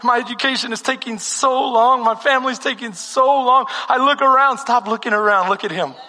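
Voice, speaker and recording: A middle-aged pastor from Texas preaching a sermon, repeating phrases and swinging between shouted fervor and hushed storytelling. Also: male voice, very high-pitched, a little fast. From Texas, USA. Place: church sanctuary. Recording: long reverb of a church hall.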